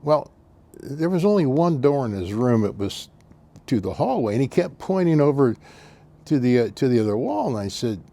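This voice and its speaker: A man's voice: mid-range voice, sing-song, moderate pace, dark tone. An older man telling a story in a folksy, meandering, earnest way as host of his own channel. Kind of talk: casual storytelling.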